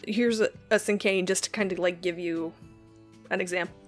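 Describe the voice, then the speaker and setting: A woman who reads a poem softly, sinking into whispers at the line ends, then explains it in a chatty way with quick asides and ums. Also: lowish voice, steady tone, faint music behind. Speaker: poetry reader and lecturer.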